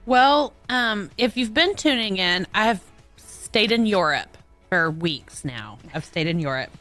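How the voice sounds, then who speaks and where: A woman's voice: mid-range voice, expressive, sharp tone, faint music behind. A woman from Texas co-hosting a Saturday morning radio show in a studio, talking in a playful, easygoing way. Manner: slow, playful. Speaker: radio co-host. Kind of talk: casual radio chat.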